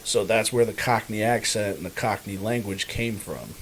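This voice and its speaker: A man's voice: on the low side, normal speed, a little hiss or hum. Rambling, loose-talking male podcast co-host. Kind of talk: casual chat.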